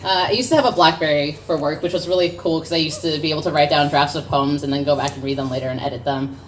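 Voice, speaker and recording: At a café open mic, a young American poet with a low voice delivers spoken word quickly, shifting between awkward self-deprecating banter and impassioned verse. The poor-quality audio catches her from far across the room over a faint ambient hum.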